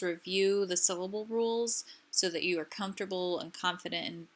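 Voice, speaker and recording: A woman presenting a recorded slide lecture on a language's stress rules, explaining in a clear, patient way. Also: fairly low pitch, sharp tone.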